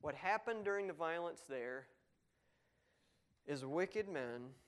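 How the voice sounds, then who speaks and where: Man, pastor, sermon, fairly high pitch, emphatic, conversational asides. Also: expressive, slow pace. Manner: emphatic, swings between loud stress and quiet asides; reads scripture aloud, then explains it conversationally.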